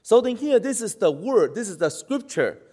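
A male pastor preaching a sermon with passion, repeating phrases for emphasis and dropping from loud calls to hushed lines. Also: sits high, very animated, moderate pace. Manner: impassioned preaching, swings between loud exhortation and hushed lines.

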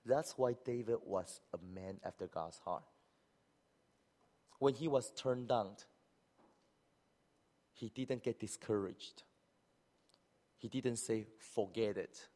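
Animated male preacher in a reverberant church. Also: takes it slowly, long pauses. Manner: animated, acts out hypothetical speakers with rising pitch. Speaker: pastor. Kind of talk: sermon. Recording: long hall reverb.

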